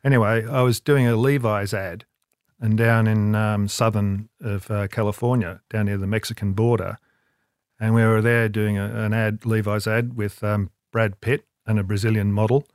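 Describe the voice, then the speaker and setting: A man's voice: fairly low pitch, steady tone, moderate pace, clean tone, no echo, clean studio sound. An older man, telling long self-deprecating anecdotes as an interview guest, with many restarts. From Australia. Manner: rambling, self-deprecating storyteller with frequent restarts. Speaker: guest, advertising creative.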